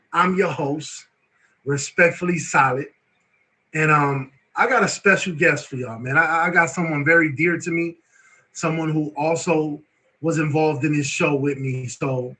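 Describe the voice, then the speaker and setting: A man hosting a live show, excitable and emotional, repeating words and filler phrases as he talks. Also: on the high side, poor audio. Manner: excitable, emotional, repeats words and "you know what I'm saying". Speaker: host.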